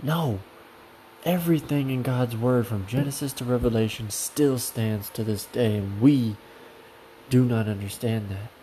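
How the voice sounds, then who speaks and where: Man preaching casually at home, earnest and repetitive, mellow tone. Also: mid-range voice, a little slow, slight background noise, rough recording. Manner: earnest, repetitive, grows fervent and insistent. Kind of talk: casual sermon to camera.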